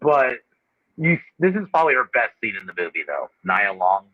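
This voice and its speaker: A man's voice: on the low side, big pitch swings, lo-fi sound. A man co-hosting a movie review chat, mostly adding short confirmations and extra details. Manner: short agreeing replies and quick add-ons. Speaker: podcast co-host reviewing a film. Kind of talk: casual chat.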